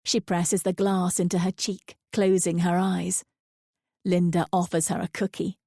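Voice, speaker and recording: Gravelly woman reading a thriller. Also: lowish voice, flat delivery, measured pace, dark tone, dry recording, clean studio sound. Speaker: audiobook narrator. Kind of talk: scripted thriller narration.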